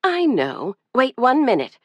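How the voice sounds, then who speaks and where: A woman voicing a busy middle-aged mother in an audiobook, bright and coaxing. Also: high-pitched, huge pitch swings, a little slow, no room sound, muffled recording, voice pushed up, full character voice. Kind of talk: audiobook character voice.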